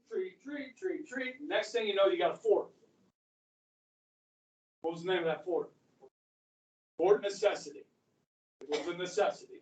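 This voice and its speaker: A man's voice: high voice, darkish tone. A man with an American accent, teaching a history class in a chatty storytelling way, often checking in with "okay?". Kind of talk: classroom lecture. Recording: echoey classroom from far off.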